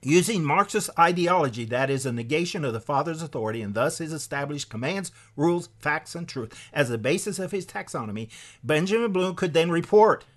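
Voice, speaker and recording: Male preacher, fairly high pitch, emphatic and fiery, reads quotes aloud from a book. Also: expressive, brisk. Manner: emphatic, with sharp swings in pitch and loudness. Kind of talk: impassioned sermon-style lecture.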